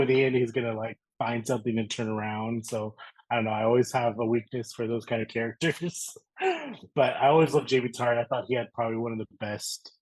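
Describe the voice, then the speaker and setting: A man speaks as a guest in a relaxed podcast chat, leaning on fillers as he talks. His voice is slightly husky at an ordinary middle pitch. The sound is dry and close. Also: dry recording, rough recording. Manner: relaxed, many fillers like "like" and "you know". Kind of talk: casual chat.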